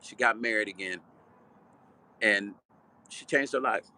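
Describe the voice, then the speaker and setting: A man's voice: lowish voice, measured pace. An older man from Chicago telling a personal story in a vivid, blunt, street-style way. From Chicago, Illinois. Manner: vivid, animated storytelling, repeating "right?". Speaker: vlog host and musician.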